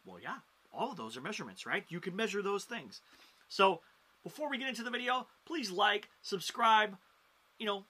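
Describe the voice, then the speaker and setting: Male host, casual to camera, bright slightly high voice, animated, punchy emphasis. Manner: animated, jumps in pitch and loudness for emphasis. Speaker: stand-up comedy coach and show host.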